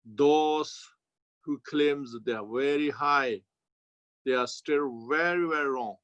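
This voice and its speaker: A man with a Tibetan accent, a Buddhist teacher giving a slow, halting dharma commentary in non-native English. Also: on the high side, a bit bright, no room sound. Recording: dull, lo-fi sound.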